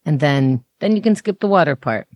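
Low-voiced, easygoing podcast co-host. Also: female voice, expressive, a little fast, a little mellow, no room sound. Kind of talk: casual podcast chat.

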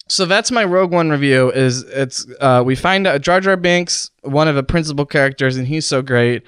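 A man's smooth, slightly high voice comes through a dry, close studio mic. He hosts a comedy podcast while playing out a mock poisoning, straining and wincing through each sentence. He keeps breaking off and starting again. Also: a little fast, few pauses, no room sound. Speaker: podcast host. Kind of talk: comedic improvised monologue. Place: recording studio. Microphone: studio microphone.

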